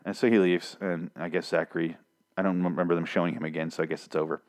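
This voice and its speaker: A man's voice: deep voice, flat delivery, fast. A man recapping a comic in a casual, profane, sarcastic and rambling way. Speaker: podcast host recapping a comic.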